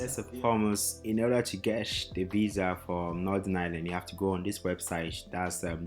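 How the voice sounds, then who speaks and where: A male vlogger with an African accent explains things to viewers casually, repeating himself and using many fillers. His low voice is a little mellow, recorded in an echoey room.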